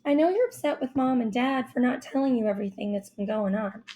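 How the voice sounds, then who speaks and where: A woman's voice: on the high side, fairly quick, mellow, close to an everyday voice. Woman voicing a worried teen sister. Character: worried teenage older sister.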